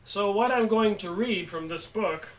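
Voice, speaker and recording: Man, book reviewer, casual and halting, slightly high voice, distant from the microphone. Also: a little hiss or hum. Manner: unhurried, halting with frequent pauses. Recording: voice set back from the mic.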